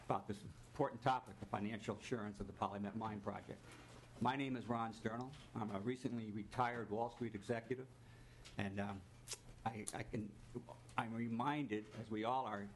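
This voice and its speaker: A man's voice: medium pitch, slight background noise. A man in his sixties, a recently retired financier, reading prepared testimony to a legislative committee in a formal, pointed way with dry mock-salesman asides. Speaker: witness testifying at a legislative hearing. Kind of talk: prepared testimony read aloud. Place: legislative committee hearing room.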